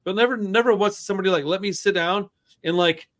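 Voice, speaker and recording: Lively profane young man telling stories. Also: high-pitched, fast. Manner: animated, profane, acts out quotes. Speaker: podcast co-host. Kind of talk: casual storytelling chat.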